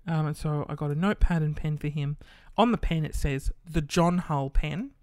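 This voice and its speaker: A man's voice: a little high, fairly quick, a little mellow, clean tone, no room sound. Brief: Australian man, casual monologue host, loose and sweary, dry recording. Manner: chatty and rambling, swears casually, many fillers.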